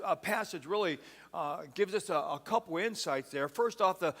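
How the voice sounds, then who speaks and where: In a church sanctuary, a pastor preaches a sermon in a high voice with a fairly bright tone, the large hall echoing around him. He's folksy and conversational, frequently dropping "man" into his sentences.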